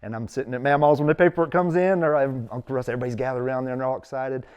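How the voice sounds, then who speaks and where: A man's voice: medium pitch, steady tone, rapid-fire, darkish tone, smooth, muffled recording. A middle-aged man, telling his story in casual conversation as an interview guest and acting out quotes with big jumps in his voice.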